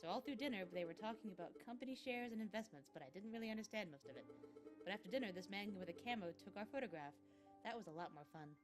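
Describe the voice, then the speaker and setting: A woman voicing a sweet, excitable young French cat woman in a game, high and bubbly. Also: fast talker, over music, lightly acted. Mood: eager.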